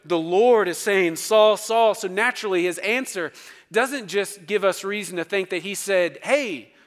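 Male pastor, slightly high voice, emphatic sermon delivery, long church reverb. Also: normal speed. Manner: emphatic, dramatic swings in loudness. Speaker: preacher. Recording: long reverb of a large hall.

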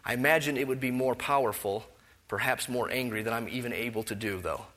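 Bright-voiced emphatic male preacher. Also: mid-range voice, a little fast. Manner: emphatic, rising to loud rhetorical questions; drops to soft reflective tone. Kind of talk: expository sermon.

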